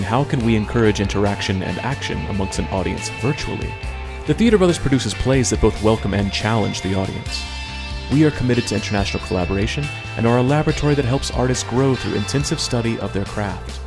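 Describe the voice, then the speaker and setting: A man co-hosting a theater podcast, reading a scripted intro and then teasing his co-host in casual chat. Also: lowish voice. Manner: teasing, dry joking.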